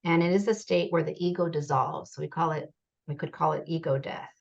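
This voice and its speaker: Gravelly low-voiced woman presenting research. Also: fairly even intonation. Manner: measured, reads quotations aloud. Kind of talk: academic presentation reading interview quotes. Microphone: video call. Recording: dull lo-fi video call audio.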